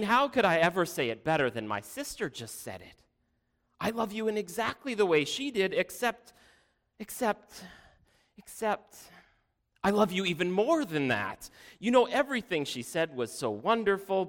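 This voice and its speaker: Give me a man playing a falsely humble second princess, high and gushing, in a reverberant hall. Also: very animated, a bit bright. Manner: high, drawn-out, one-upping gush. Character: showy second royal daughter, falsely humble.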